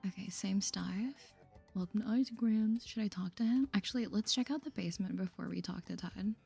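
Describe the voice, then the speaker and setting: A woman hosting a cozy game playthrough in soft ASMR whispers, chatty and easily amazed. Her voice is husky with a gravelly edge and a dark, mellow tone. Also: medium pitch, brisk, soft background music. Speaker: gaming channel host.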